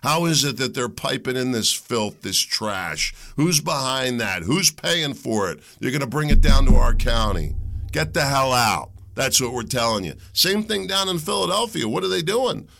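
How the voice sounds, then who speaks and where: A middle-aged man, hosting a solo show and ranting in a heated, combative way that climbs into shouts. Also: medium pitch, lively intonation, moderate pace, vocal fry. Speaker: podcast host. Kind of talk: opinionated solo monologue.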